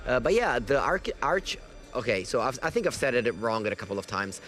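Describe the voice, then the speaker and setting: Man, card game commentator, lively analytical play-by-play, faint background noise. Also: medium pitch, a little fast. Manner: lively, self-correcting, analytical. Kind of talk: live esports commentary.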